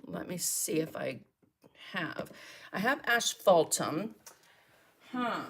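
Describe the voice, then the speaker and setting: A woman's voice: lowish voice, sing-song, slow pace, fairly bright tone, husky. A woman hosting a live mixed media art demonstration, chatting and thinking aloud as she works and answering viewer comments. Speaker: mixed media artist and host.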